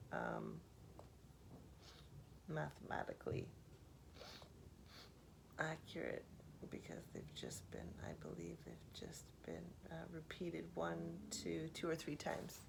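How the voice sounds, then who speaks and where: A woman speaking softly for ASMR, musing aloud with pauses and half-whispered asides. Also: deep voice, level tone, vocal fry, background noise. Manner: reflective, thinking aloud with pauses. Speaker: host. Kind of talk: soft-spoken ASMR poetry analysis.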